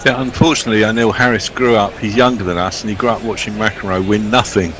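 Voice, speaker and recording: A man's voice: on the low side, steady tone, fast, a bit bright, a little hiss or hum. A man chatting as a co-commentator, giving blunt, emphatic opinions. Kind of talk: casual chat.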